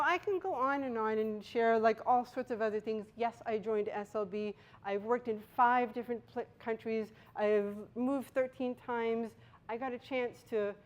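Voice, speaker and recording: A woman's voice: fairly high pitch, darkish tone. Bostonian woman giving a speech. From Boston, USA. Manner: storytelling, emphatic pauses. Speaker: Toastmasters speaker. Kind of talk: prepared speech.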